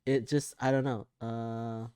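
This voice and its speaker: A man's voice: medium pitch, level tone, slow pace, dark tone, clean tone, no room sound, studio quality. Hesitant American man in casual chat. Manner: hesitant, trails off with fillers and laughs. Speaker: podcast co-host.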